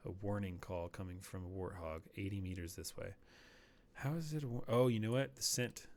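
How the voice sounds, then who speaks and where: Man, low voice, casual rambling game commentary, hushed while stalking, faint room hum behind. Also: a little fast. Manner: chatty, rambling, drops to a near whisper while sneaking. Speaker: streamer.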